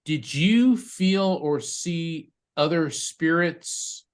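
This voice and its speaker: A man working as a psychic medium, giving a live reading to a grieving parent over a video call in a chatty, halting way full of fillers and restarts. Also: a little high, clean tone.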